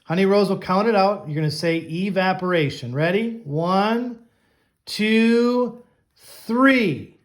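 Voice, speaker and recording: A man with a high-sitting voice teaches an online class, coaching his students and stretching out each vocabulary word slowly and clearly.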